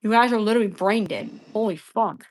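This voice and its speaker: A woman with a medium-pitched voice talks fairly quickly while scolding her chat during a heated livestream argument. She's combative and profane, and she says the same things again and again.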